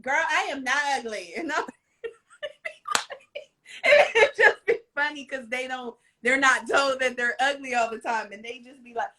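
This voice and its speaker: A young woman hosting an interview, telling funny stories in a casual, animated way and acting out what people said. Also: sits high, unhurried, pauses often. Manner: animated storytelling, acts out quotes, laughs often. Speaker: interviewer, podcast host. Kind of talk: casual chat.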